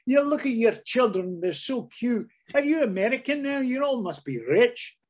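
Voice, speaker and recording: Brief: gushing Glasgow relative put on by a man, high and fussy, Scottish accent. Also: sing-song, normal speed, background noise. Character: gushing older Glaswegian relative, high and fussing.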